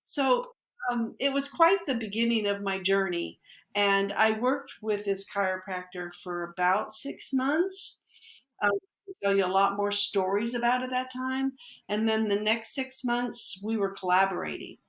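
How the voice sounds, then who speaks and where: A woman recounting a personal experience in a middle-pitched voice, speaking casually and slipping into the voices of the people she quotes. The sound is roomy, with noticeable echo around her. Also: a little slow. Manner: lively storyteller who acts out quoted dialogue. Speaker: podcast guest, energy healer. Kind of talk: personal storytelling in conversation. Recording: echoey room.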